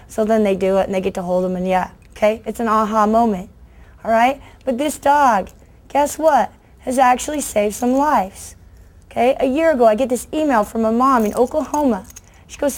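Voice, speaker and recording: A middle-aged woman from the United States gives an animated storytelling talk, her voice sitting slightly high. She slips into the voices of children and adults as she goes, keeping the room with her. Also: normal speed. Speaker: children's book author giving a talk. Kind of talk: lively storytelling speech to an audience.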